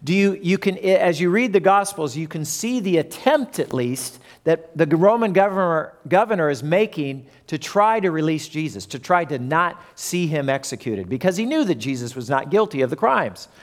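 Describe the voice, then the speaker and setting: A man's voice: fairly high pitch, lively intonation, moderate pace, hardly any pauses. A man preaching a sermon who retells the story and acts out the crowd and characters.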